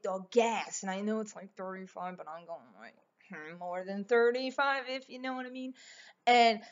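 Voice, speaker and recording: A young woman telling a story casually as a vlogger, rambling and emphatic, swearing often and acting out what people said. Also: medium pitch. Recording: slightly dull lo-fi recording.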